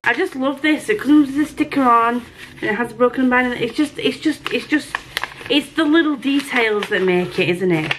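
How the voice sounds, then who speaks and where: A woman book vlogger chatting casually through a mail unboxing, gushing and excitable, with casual swearing. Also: fairly high pitch, normal speed, noisy background. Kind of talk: casual unboxing and reading vlog.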